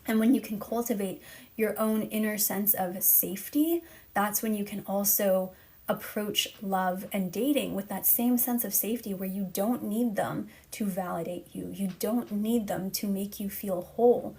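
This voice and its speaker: A woman's voice: mid-range voice, fairly even intonation, moderate pace, a little mellow. Earnest woman coach, encouraging tone. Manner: earnest, encouraging, speaks directly to the listener. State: slightly out of breath. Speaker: relationship coach. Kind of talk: live-stream advice talk.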